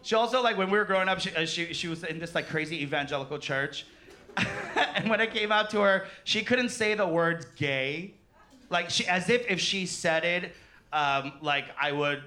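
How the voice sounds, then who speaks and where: A man in his thirties doing a stand-up comedy set on a club stage, animated and crude, often laughing mid-sentence. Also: sits high. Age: 30s. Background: laughing audience.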